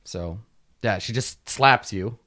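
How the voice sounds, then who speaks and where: A man running a tabletop game as game master, narrating in a halting way with many fillers and restarts. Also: lowish voice, bright, forceful tone, no echo, clean studio sound.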